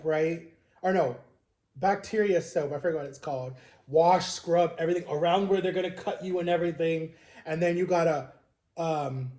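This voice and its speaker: High-voiced young man rambling in an echoey room. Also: mellow. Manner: rambling, quotes people in raised voices. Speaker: vlogger. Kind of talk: casual storytime chat. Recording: roomy echo.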